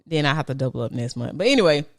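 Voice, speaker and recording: A woman hosting a casual chat show, animated and playful, laughing often. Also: sits low, very fast. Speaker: host.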